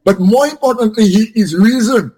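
A man's voice: sits high, normal speed, warm tone, slightly rough. A man taking part in a Bible study discussion, explaining a point with many restarts and repeated words. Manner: hesitant, repeats words while searching for phrasing.

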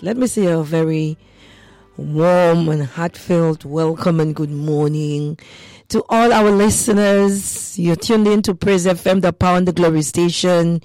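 A woman hosting a radio devotion, praying and preaching with slow, emphatic rhetorical questions. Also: lowish voice, darkish tone, no room sound. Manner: fervent preaching with prayers and scripture.

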